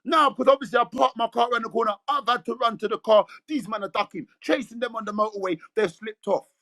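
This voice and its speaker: A man's voice: extremely high pitch, fast talker, sharp tone, dry recording. A man with a London accent ranting aggressively in slang, boasting and calling people out. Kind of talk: heated rant.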